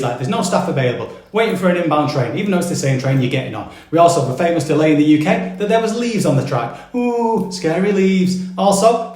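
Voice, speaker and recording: A man's voice: fairly high pitch, a little mellow, reverberant. A British man narrating a scripted cultural guide in a playful, jokey way with sarcastic asides. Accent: British English. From Britain.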